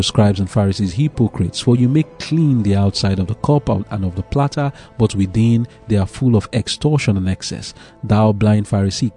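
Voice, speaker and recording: A man's voice: fairly low pitch, dark tone, breathy edge. A man teaching a devotional Bible lesson, explaining scripture in plain words and asking rhetorical questions. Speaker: preacher.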